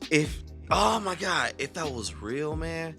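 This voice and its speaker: A young man hosting a reaction video, excitable and slangy, sometimes dropping to a near-whisper. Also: on the high side, slow pace, vocal fry, faint music behind.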